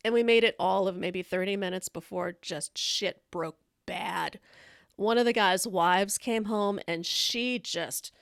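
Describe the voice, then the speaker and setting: A woman hosting a live stream, chatting casually and telling candid stories. Her voice has a gravelly, fry-laden texture at a middling pitch. She is blunt and laughs often, and the sound is dry and close. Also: measured pace, no room sound. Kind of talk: casual storytelling chat.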